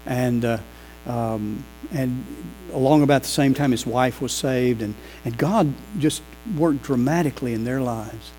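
A pastor preaching a sermon, telling lively stories and acting out the people in them. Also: male voice, medium pitch, measured pace, slight background noise, low-quality recording. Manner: animated, acts out quoted voices. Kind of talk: sermon with storytelling.

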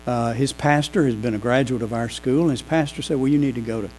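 A pastor preaching a sermon, telling lively stories and acting out the people in them. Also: male voice, medium pitch, quick pace, soft background music, poor audio. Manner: animated, acts out quoted voices. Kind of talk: sermon with storytelling.

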